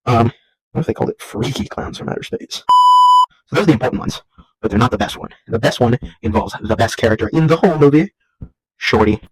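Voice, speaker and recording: A man's voice: medium pitch, quick pace, slight background noise, poor audio. Young male vlog host, home setting, loose and rambling, comedic. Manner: goofy, rambling, jumps into silly voices. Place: at home while folding laundry.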